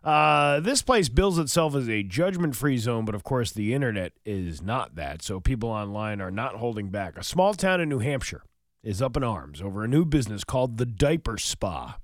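A man's voice: medium pitch, normal speed, no echo. Radio guy reading weird news, jokey, voice bounces up and down a lot, dry mic. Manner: playful, innuendo-laden, lively delivery. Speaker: radio morning show co-host. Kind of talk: reading news items and joking.

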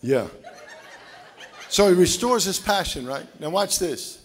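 A man preaching a sermon in a church, going from shouted, sung exhortation to relaxed, joking asides. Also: high-pitched, unhurried. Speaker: pastor. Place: church sanctuary.

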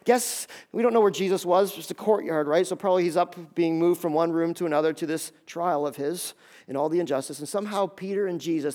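A man preaching a sermon, animated and conversational, acting out scenes and talking straight to his listeners. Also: high-pitched, fast talker. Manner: animated, acts out scenes in quoted voices; conversational, talks straight to the audience. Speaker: pastor.

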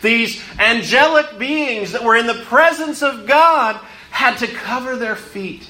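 A man preaching a sermon, emphatic, repeating words for stress and rising, then dropping to hushed tones. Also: extremely high pitch, measured pace, reverberant.

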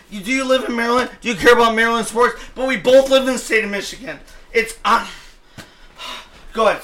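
A man co-hosting a sports podcast, arguing passionately with frequent swearing and bursts of shouting. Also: high voice. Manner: passionate, profane, shouting rants. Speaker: podcast co-host. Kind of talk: heated sports podcast debate.

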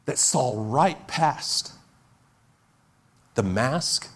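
A man's voice: mid-range voice, animated, very slow, fairly bright tone. A man in his forties, a pastor preaching an earnest, emphatic sermon that repeats its key phrases. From Texas.

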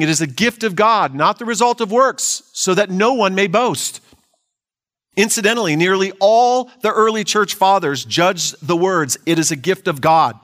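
A man's voice: high voice, fairly bright tone. A man preaching a sermon, earnest, reading scripture aloud and asking his listeners rhetorical questions. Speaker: pastor.

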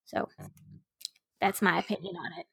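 A woman's voice: on the low side, fairly even intonation, moderate pace, vocal fry, bright, forceful tone, husky, no echo, clean studio sound. A woman with a Southern US accent, a kindergarten teacher co-hosting a podcast, giving frank opinions in casual chat.

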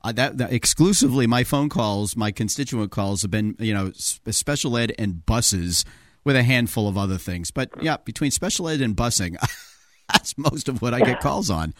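A man's voice: mid-range voice, expressive, moderate pace, a bit bright, dry recording, clean studio sound. A man hosting a talk radio show, telling a story animatedly with mock dialogue and frequent laughs.

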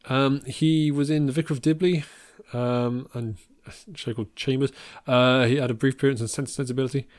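English male podcast co-host, wry, halting delivery, mid-pitched, dead dry room. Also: steady tone, darkish tone, no room sound. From England. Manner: stammering restarts, dry humour, frequent laughs. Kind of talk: casual chat.

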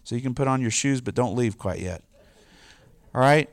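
A man's voice: mid-range voice, normal speed, dry recording. A middle-aged man preaching a casual, conversational sermon, loose and informal with lots of "like" and "you know". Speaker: pastor.

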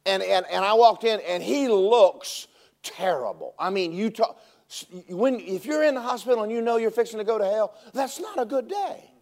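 A man preaching a sermon as pastor, telling stories with animated delivery that rises to shouting at its peaks. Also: high voice, moderate pace, vocal fry.

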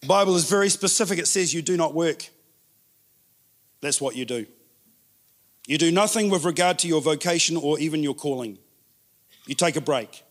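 A man preaching a sermon in an animated way, repeating words for emphasis. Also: fairly high pitch, moderate pace, pauses often. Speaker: pastor.

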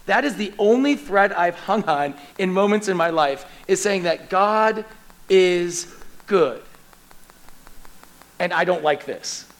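High-voiced middle-aged man preaching. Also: poor audio. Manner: animated, acts out scripture scenes with pleading urgency. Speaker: lead pastor. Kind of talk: sermon.

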